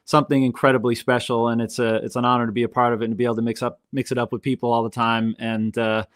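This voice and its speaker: A man's voice: medium pitch, level tone, racing, no echo, clean studio sound. A man speaking as an eager podcast guest. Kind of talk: casual podcast chat.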